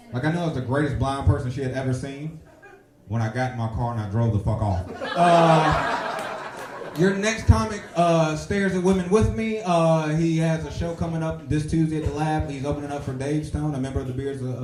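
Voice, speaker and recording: A man hosting a comedy show and telling his own jokes, halting with many fillers before loud, excited punchlines. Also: a little high. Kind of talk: stand-up comedy and emcee introductions. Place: comedy club stage, live audience. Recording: echoey room.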